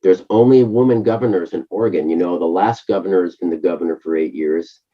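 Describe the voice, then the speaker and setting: Hoarse middle-aged man, muffled audio. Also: sits low. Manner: chatty, halting with fillers. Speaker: co-host. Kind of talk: casual chat.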